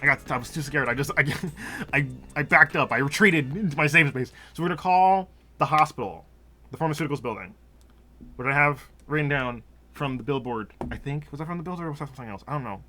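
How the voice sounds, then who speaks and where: A man's voice: fairly high pitch, expressive, sharp tone, soft background music. A man doing let's play commentary, rambling and joking as he plays and laughing often. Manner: rambling, jokey, quick to laugh. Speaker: gameplay commentator.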